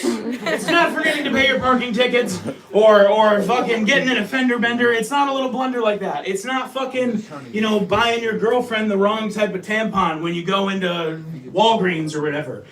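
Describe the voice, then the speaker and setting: High-voiced man doing rowdy stand-up. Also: moderate pace, distant mic, a loud crowd. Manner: crude, rambling, often shouting and laughing. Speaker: stand-up comedian. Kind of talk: stand-up comedy set. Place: small comedy venue.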